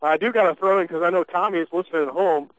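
A man doing play-by-play commentary of a high school football game for local radio, chatty and folksy, with frequent fillers and restarts. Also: fast, fairly bright tone, a little hiss or hum, rough recording. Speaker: play-by-play announcer.

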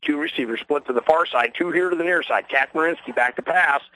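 A man doing play-by-play for a local radio broadcast of a ball game, folksy and rambling, quickening on big plays, with a voice worn from a long night. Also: a little high, bright, forceful tone, poor audio. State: losing his voice. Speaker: play-by-play announcer. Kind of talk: local radio sports commentary.

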